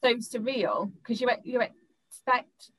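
A woman's voice: a little high, expressive, slow, fairly bright tone, husky, rough recording. A young woman, recounting a personal experience in an interview, often stopping, restarting and repeating words.

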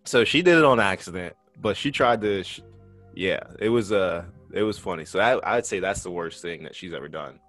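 A blunt man swaps stories on a casual podcast, swearing freely and laughing as he goes. His voice sits a little low. Faint music hums in the background. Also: animated, fairly quick, fairly bright tone. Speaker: podcast co-host. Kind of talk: casual storytelling chat.

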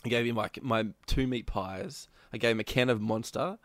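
A male podcast co-host, telling an animated story in casual chat and acting out quotes. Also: mid-range voice, normal speed, no room sound. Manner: animated storytelling, acts out quotes, laughs often.

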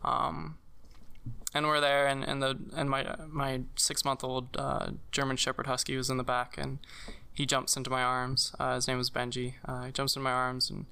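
A young man telling a personal story in casual conversation, halting, with many fillers and restarts. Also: mid-range voice, monotone, gravelly, bright, forceful tone, clear, resonant tone. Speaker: guest sharing a personal story.

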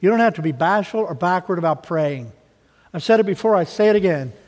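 Male pastor, high voice, folksy storytelling sermon, church hall reverb. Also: expressive, brisk. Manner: conversational preaching with folksy stories. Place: church sanctuary. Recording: long reverb of a large hall.

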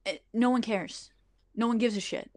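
A woman's voice: on the high side, steady tone, normal speed, a little mellow. A young adult woman telling a story on a podcast in a casual, profane way, saying "like" often. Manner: chatty, profane, heavy use of "like". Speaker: podcast host.

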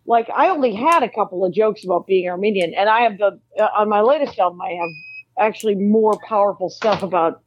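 A woman's voice: mid-range voice, a little fast, lo-fi sound. A woman comedian in her fifties, a guest in a casual interview, speaking bluntly and matter-of-factly. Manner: blunt, reassuring, matter-of-fact.

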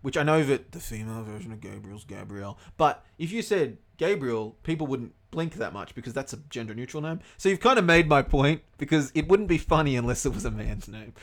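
A man's voice: medium pitch, animated, a little fast, hardly any pauses, fairly bright tone. A man co-hosting a casual podcast, swearing constantly and spinning off into comic rants. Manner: profane, ranting comic tangents. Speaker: podcast co-host.

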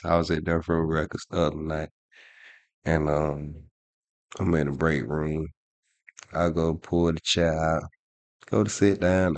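A man's voice: rumbling low, no room sound. A man co-hosting a podcast, telling a rambling, profane story in casual chat with lots of restarts. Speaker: podcast co-host.

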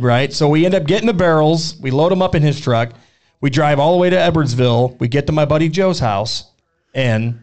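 A man hosting a podcast, telling a rambling story in an animated, casual way. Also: on the high side. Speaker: podcast co-host.

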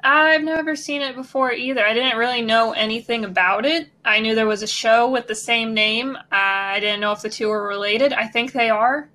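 A woman's voice: on the high side, normal speed, few pauses, sharp tone, a little hiss or hum. A woman co-hosting a podcast in a casual, joking, rambling chat. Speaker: podcast co-host.

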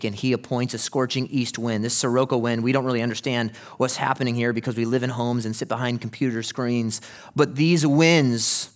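A man preaching a sermon, emphatic, moving from hushed passages to loud ones and asking rhetorical questions. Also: mid-range voice. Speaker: pastor.

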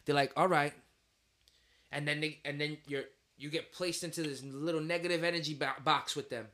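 A man's voice: fairly high pitch, steady tone, a little fast, pushed and bright. A man hosting a casual podcast chat, telling work stories in a laid-back way and laughing easily.

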